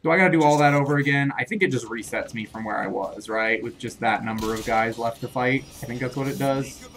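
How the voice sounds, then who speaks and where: Flustered young gamer talking to himself. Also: male voice, medium pitch, fairly bright tone, faint music behind. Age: young adult. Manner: flustered, rambling self-talk, quick to laugh off his own mistakes; scolds enemies in a jokey way. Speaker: gamer playing through a shooter. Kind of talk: let's play commentary.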